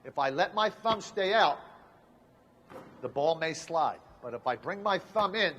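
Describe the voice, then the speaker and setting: A man's voice: a little high, animated, a little slow, fairly bright tone, lo-fi sound, slight background noise. A man coaching basketball players through a shooting demonstration, talking emphatically in short repeated commands on an indoor court. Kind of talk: instructional demonstration. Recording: long reverb of a gym.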